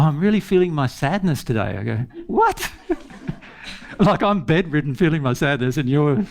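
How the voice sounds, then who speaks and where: A man's voice: fairly high pitch, gravelly. A man giving an informal spiritual teaching talk, earnest, repeating phrases and laughing often.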